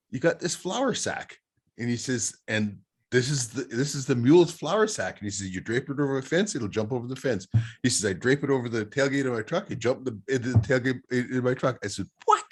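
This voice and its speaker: Lively rambling male host. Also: medium pitch, slightly rough. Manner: rambling, laughs at his own stories. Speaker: podcast host. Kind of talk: casual storytelling chat.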